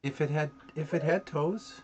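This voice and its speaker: A man narrating as game master in a relaxed, descriptive way. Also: a little high, normal speed.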